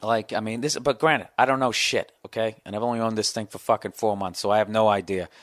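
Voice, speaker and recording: A man in his forties, a comedian hosting his podcast, telling a long profane story in a ranting, animated way. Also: fairly low pitch, quick pace, no room sound, clean studio sound. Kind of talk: casual storytelling monologue.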